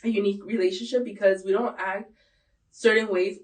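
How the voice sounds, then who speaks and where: A woman's voice: medium pitch, steady tone, brisk. Rambling, giggly woman co-host, off-mic. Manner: laughs often, rambling with many fillers. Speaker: podcast co-host. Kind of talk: casual chat. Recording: voices heard from a distance.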